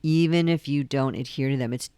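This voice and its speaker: Smooth-voiced woman giving an astrology forecast. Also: a bass voice, fairly quick, dark tone, no echo. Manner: earnest, repeats key points, frequent ums. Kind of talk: casual astrology forecast monologue.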